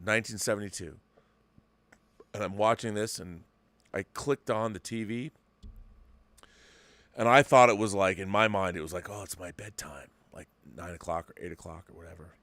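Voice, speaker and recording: A man in his fifties hosting a casual talk show, telling a story with excitement and many restarts. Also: on the low side, moderate pace, pauses often, dry recording. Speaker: host. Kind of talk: casual podcast chat.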